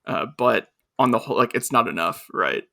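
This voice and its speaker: Gravelly, bright man in blunt chat. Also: mid-range voice, animated. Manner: blunt, halting, frequent restarts. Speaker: podcast co-host. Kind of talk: casual chat.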